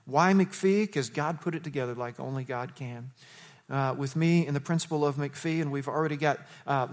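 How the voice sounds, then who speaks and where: A man preaching as the pastor of his church, telling stories with lively, animated delivery. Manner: animated storytelling, jumps to high excited quotes. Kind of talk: sermon.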